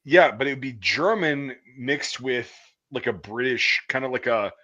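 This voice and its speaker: Man, bright tense voice, rambling profane storyteller, dull lo-fi sound. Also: mid-range voice, measured pace. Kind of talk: casual banter.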